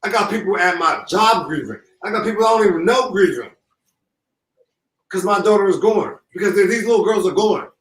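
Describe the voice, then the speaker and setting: A grieving father speaking through tears, halting and repeating himself with deep emotion. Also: lively intonation. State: holding back tears. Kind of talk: emotional live call-in. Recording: echoey call from far off.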